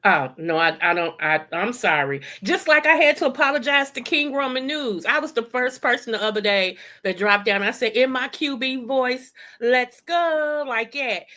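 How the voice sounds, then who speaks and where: Bright-voiced chatty woman on a live stream. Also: a little high, lively intonation, moderate pace, hardly any pauses. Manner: chatty, keeps saying "you know what I'm saying". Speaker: guest on a live show. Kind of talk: casual live-stream chat.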